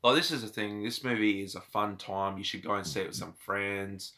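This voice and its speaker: A man's voice: fairly low pitch, steady tone, fairly quick, sharp tone. A man talking casually about a film, agreeable and full of "like" fillers. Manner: agreeable, filler-heavy, says "like" a lot. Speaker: movie reviewer. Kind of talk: casual chat.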